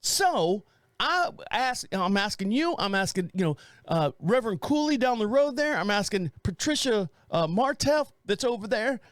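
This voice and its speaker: This podcast co-host, a man in his forties, has a high voice and speaks at a moderate pace on a dry recording. He's an animated storyteller, relating a tale during a casual chat and imitating his neighbor in put-on voices.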